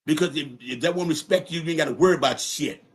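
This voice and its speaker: Mid-rant on his own podcast livestream, a man speaks fast in a somewhat high voice, angry and profane. He confronts his viewers directly and repeats lines to hammer them home.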